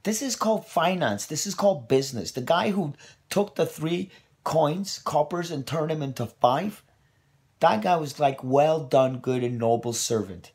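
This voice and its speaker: A man's voice: fairly high pitch, normal speed. A man hosting his own online show, ranting casually and profanely late at night, tired and running on coffee. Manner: profane, rambling, animated.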